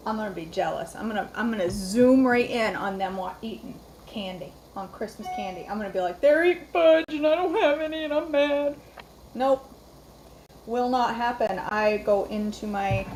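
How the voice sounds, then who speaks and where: A woman's voice: medium pitch, noisy background. A woman hosting a live cooking stream, chatty and rambling, greeting viewers by name from her home kitchen. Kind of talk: casual live-stream chat.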